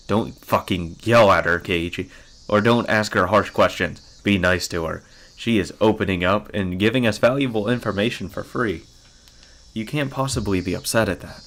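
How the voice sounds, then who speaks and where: Brief: let's-play reader, male, low and gravelly, emphatic and profane. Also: normal speed, a bit bright, a little hiss or hum. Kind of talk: reading a visual novel aloud with commentary.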